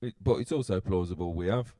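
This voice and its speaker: A man's voice: sits low, fast talker, dark tone, dry recording. A British man co-hosting a podcast, rambling through a theory with hesitations and laughs. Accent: British English. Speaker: podcast co-host. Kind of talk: casual chat.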